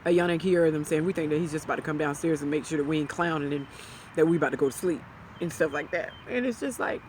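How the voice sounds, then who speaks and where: A woman's voice: deep voice, darkish tone, a little hiss or hum. Grieving woman speaking through tears. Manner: heartfelt, with halting pauses and a voice that breaks into whispers. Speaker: widow sharing her grief. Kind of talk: emotional personal talk to camera.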